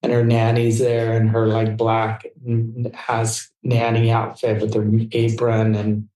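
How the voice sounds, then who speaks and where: A man's voice: mid-range voice, monotone, warm tone. Man telling stories in a roomy echo. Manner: fast, tumbling anecdotes with restarts. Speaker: guest. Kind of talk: storytelling in casual interview.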